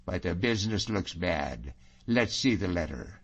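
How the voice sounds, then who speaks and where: A man voicing a bold, wily middle-aged Scottish Highlander, hearty and mocking, in a dull lo-fi audiobook recording. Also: lively intonation, a little slow, fairly bright tone, heavily acted.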